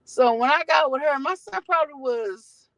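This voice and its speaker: A woman's voice: high voice, normal speed, dry recording, low-quality recording. A woman vlogging from her car, telling a rambling, profane story to her viewers.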